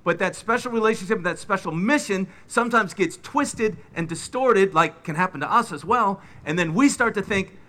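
A middle-aged man preaching a sermon, retelling biblical scenes with lively, dramatic delivery. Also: sits high, moderate pace, hardly any pauses. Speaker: pastor.

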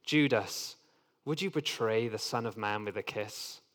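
A man reading the part of Jesus in a plain, steady voice during a Bible lesson. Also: fairly low pitch, unhurried, voice pushed down. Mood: solemn. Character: calm grown man, Jesus, steady and resigned. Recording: long hall reverb.

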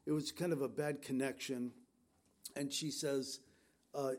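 A man's voice: mid-range voice, steady tone, measured pace. A middle-aged man pastor speaking to his congregation in a conversational, storytelling way, with fillers and restarts. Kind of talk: sermon.

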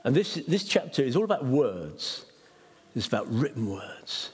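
A middle-aged man, a pastor, preaching a sermon in an animated way, acting out quotes and laughing at himself. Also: mid-range voice, moderate pace, slightly rough. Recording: long hall reverb.

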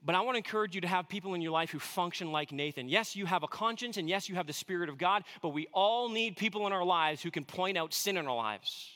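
A man in his thirties preaching a sermon, telling a family story with earnest warmth and some self-deprecating humor. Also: high voice, expressive, quick pace, few pauses. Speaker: pastor.

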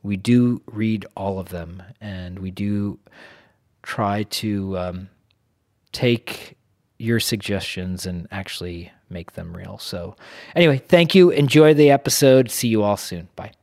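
A male podcast host with a somewhat low voice who talks very slowly. He reads his sponsor message and sign-off in a loose, rambling way and fills the pauses with ums and uhs. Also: steady tone, creaky, darkish tone. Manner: unhurried, rambling with many fillers. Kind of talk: sponsor read and outro.

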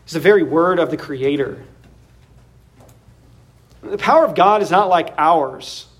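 A man preaching a sermon, animated, often laughing and acting out the voices of the people in his story. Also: a little high, a little slow. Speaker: pastor.

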